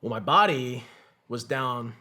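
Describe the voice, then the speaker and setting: Medium-pitched, bright, and forceful, with lively intonation and a somewhat slow pace, a male combat veteran tells his war story as a podcast guest. He swears freely and acts out others' words in vivid, profane storytelling during the conversation.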